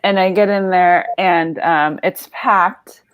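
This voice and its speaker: A woman's voice: lowish voice, steady tone, slow pace. A woman in her thirties telling a comedy story, rambling and self-deprecating with lots of fillers and laughs.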